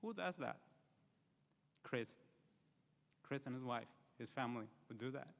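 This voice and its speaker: A man's voice: mid-range voice, lively intonation, unhurried, gravelly. A man giving an earnest, story-filled eulogy at a memorial service, with frequent fillers. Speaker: eulogy speaker. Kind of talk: memorial speech. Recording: reverberant hall.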